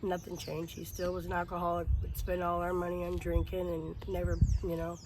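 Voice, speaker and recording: A woman in her forties telling her life story in an interview, halting and emotional, with many fillers and restarts. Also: lowish voice, completely flat delivery, a little mellow. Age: 40s. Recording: noisy outdoor background.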